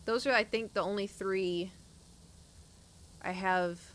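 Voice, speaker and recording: A woman streamer takes it slowly in a medium-pitched voice, chatting while she plays. She rambles and swears through her animated stories.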